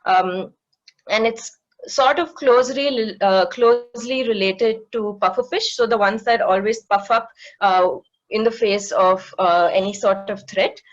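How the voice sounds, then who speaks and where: A woman's voice: mid-range voice, measured pace, dull audio. A woman in her thirties, a marine educator giving an online talk with slides, explaining things patiently with many fillers. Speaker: guest speaker, marine educator.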